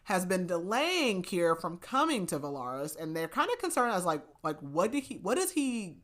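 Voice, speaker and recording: A woman's voice: fairly low pitch, big pitch swings, normal speed. A woman hosting a podcast, chattily recapping a novel with frequent laughs and fillers. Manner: chatty, giggly, lots of "like". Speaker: podcast host. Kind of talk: casual book recap.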